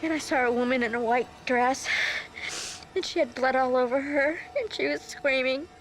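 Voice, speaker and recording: An actress narrating as a shaken young woman recalling a night of killings, in a hushed, halting way. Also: high voice, fairly even intonation, faint music behind, close to an everyday voice. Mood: haunted. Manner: halting, hushed, haunted recollection. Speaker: narrator recounting events as a former cult member. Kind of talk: dramatized documentary testimony.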